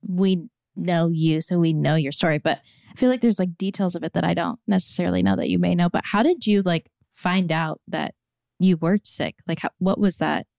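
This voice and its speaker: A woman co-hosting a casual podcast chat, agreeing often and asking gentle, searching questions. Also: on the low side, fairly even intonation, normal speed, vocal fry, dry recording, studio quality. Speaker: podcast co-host.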